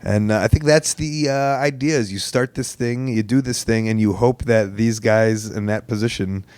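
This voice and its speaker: A man's voice: fairly low pitch, steady tone, moderate pace, darkish tone, clear, resonant tone. A man hosting a podcast in casual chat, laid-back and joking, laughing easily. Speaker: podcast host.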